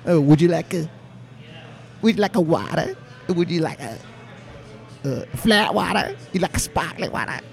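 A man voicing an overdone Italian-style restaurant waiter in a sing-song, drawn-out lilt. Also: a little high, expressive, gravelly, dark tone, faint music behind, voice pushed up. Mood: fawning.

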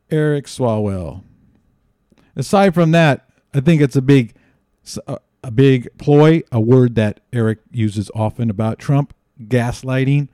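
A man's voice: medium pitch, lively intonation, measured pace, dark tone, no echo, studio quality. A man hosting a podcast, giving sarcastic political commentary and rambling with frequent restarts. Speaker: podcast host.

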